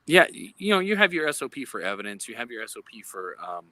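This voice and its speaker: A man's voice: mid-range voice, big pitch swings, fast talker, pushed and bright. A man in law enforcement speaking as a guest in a live chat over a phone, earnest and explanatory, often searching for words.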